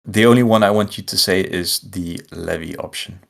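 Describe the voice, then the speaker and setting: A man's voice: sits low, normal speed, gravelly, a bit bright. A man co-hosting a casual tabletop wargame podcast, talking in a loose, rambling way full of fillers and restarts. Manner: rambling, lots of likes and restarts. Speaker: podcast co-host.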